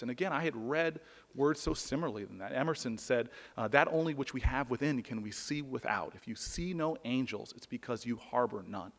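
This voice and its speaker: Man, public speaker, earnest storytelling, restarts often, long hall reverb. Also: mid-range voice. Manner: earnest, with frequent restarts and repeated words. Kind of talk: personal storytelling speech.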